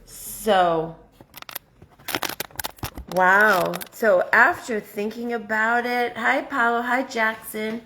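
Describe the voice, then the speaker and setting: Chatty woman with a slow drawl. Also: a little high, reverberant, a little hiss or hum. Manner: chatty, excitable, thinks aloud. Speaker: craft livestream host. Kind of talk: casual live craft demo.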